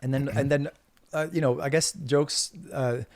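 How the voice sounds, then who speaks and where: A middle-aged man hosting a podcast, talking in a rambling, animated storytelling way in casual conversation. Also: medium pitch, normal speed, dry recording. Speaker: podcast host.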